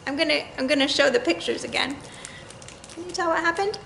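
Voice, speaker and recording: A woman leading an online story time for children, chatting gently and asking the kids questions. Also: high voice, a little fast, gravelly, reverberant, slight background noise, poor audio. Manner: reads the quacks in a bouncy sing-song. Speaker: children's librarian.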